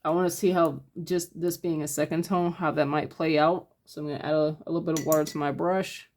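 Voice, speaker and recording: A woman giving a casual step-by-step painting tutorial, talking her process through in a relaxed, thinking-aloud way with lots of fillers. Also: deep voice, fairly quick, slight background noise. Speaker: painting instructor.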